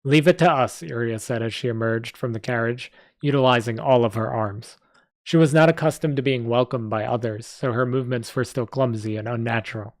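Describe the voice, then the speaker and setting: A man's voice: mid-range voice, steady tone, a little fast, dry recording. A man reading a story aloud on a live stream, with small slips and asides. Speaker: story reader.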